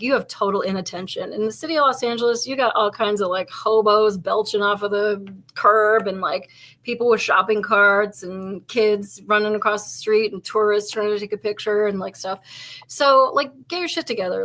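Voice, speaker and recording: A woman's voice: medium pitch, pushed and bright. A woman police officer co-hosting a casual chat show, telling stories in a loose, rambling way full of "like" and the odd swear word. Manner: chatty storytelling, heavy with "like", casual swearing. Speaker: podcast co-host and police officer.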